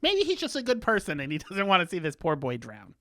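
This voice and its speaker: A man's voice: high-pitched, huge pitch swings, fast talker, a bit bright, dry recording, studio quality. A man co-hosting a casual chat podcast, recapping a show in a chatty, playful way. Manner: chatty, recaps plots with playful quoted voices. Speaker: podcast co-host.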